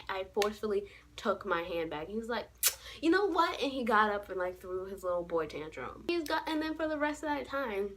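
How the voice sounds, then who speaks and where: A woman's voice: mid-range voice, a little hiss or hum, rough recording. Sassy young woman telling a story. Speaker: vlogger. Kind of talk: casual story time.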